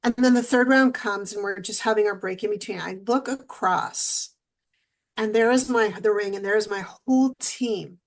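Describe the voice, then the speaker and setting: As an interview guest, a woman tells a personal story with animated energy, at a medium pitch and moderate pace. She acts out what she and others said, and an emotional edge runs through it.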